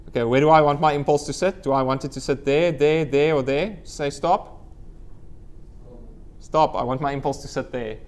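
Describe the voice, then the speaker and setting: A man's voice: on the high side, normal speed. A man giving a live university lecture, quizzing the class and letting out playful whoops. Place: lecture room with students.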